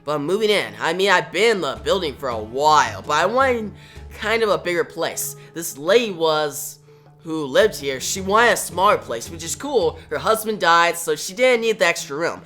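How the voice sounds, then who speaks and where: A reviewer reads out a chatty male tenant from a comic. He rambles casually and dodges questions. The voice is bright. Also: medium pitch, expressive, normal speed, soft background music. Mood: evasive.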